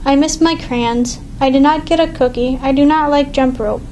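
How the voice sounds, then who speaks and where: A sweet, earnest furry monster from a storybook, put on by a woman reading aloud. He sounds eager and childlike, with a high, bright lilt. A faint hiss sits behind him. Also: steady tone, moderate pace, close to an everyday voice. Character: furry blue male monster, gentle and eager. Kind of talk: reading a picture book aloud.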